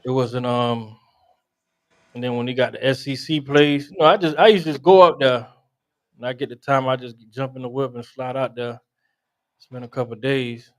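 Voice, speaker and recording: A man's voice: medium pitch, fairly even intonation, normal speed. A man in casual, profane, joking chat about basketball. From South Florida. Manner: loose, profane, laughing banter. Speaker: co-host.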